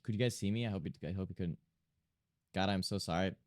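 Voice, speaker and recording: Low-voiced man rambling on stream. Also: fast, dry recording, clean studio sound. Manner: rambling, self-mocking, talks to himself and chat. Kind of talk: casual chat while drawing on stream.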